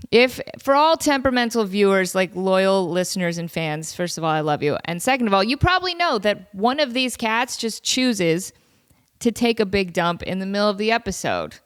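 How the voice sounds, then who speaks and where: A woman in her thirties hosting a podcast from a home studio, telling a funny story in a lively, jokey way with mock quotes. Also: mid-range voice, moderate pace, clear, resonant tone. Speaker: podcast host. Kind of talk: casual comedic monologue.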